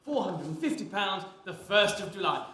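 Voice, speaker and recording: A man playing a brisk, lilting goldsmith on stage. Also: high voice, sing-song, sharp tone, a little hiss or hum, full character voice. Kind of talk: live stage acting. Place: university theatre stage. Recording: echoey stage from a distance.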